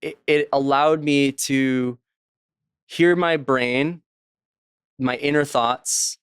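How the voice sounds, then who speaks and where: Smooth-voiced man telling stories. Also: medium pitch, steady tone, very slow, dry recording, studio quality. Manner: acts out quoted voices while telling anecdotes. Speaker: author and podcast guest. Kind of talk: casual interview storytelling.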